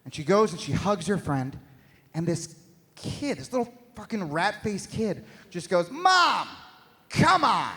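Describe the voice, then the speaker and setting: A man performing a stand-up comedy set on stage, with profane, shouting rants and rapid asides. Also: high voice, animated. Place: live venue on stage.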